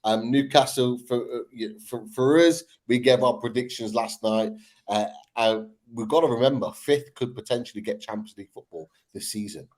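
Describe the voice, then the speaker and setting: A man's voice: mid-range voice, moderate pace, a little mellow. A man hosting a casual football chat. He talks in an upbeat, rambling way and often restarts his sentences. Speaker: podcast host.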